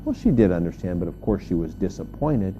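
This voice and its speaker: A man delivers a humorous motivational talk with a lively, swooping voice that jumps up on the punchlines. His tone is mellow and warm. The recording sounds a little dull, with faint ambient noise behind him. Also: a little fast. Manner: animated storyteller, jumps high on punchlines. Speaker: motivational speaker.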